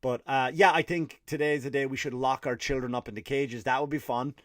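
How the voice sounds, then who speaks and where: A man's voice: mid-range voice, fairly even intonation, brisk, fairly bright tone, dry recording. An Irish man hosting a comedy podcast, delivering a rambling, sardonic, profane monologue into a close mic.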